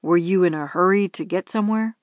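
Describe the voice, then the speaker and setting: A woman voicing a tall male police officer, speaking firmly, calmly and patiently. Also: on the low side, no echo, clean studio sound, natural voice. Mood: patronizing. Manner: firm, measured, patient.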